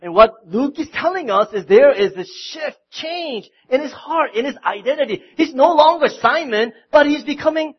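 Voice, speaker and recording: A man preaching a sermon, swinging from loud outbursts to quiet, intimate passages and often repeating his words. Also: very high-pitched, expressive, moderate pace, hardly any pauses, lo-fi sound. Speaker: pastor.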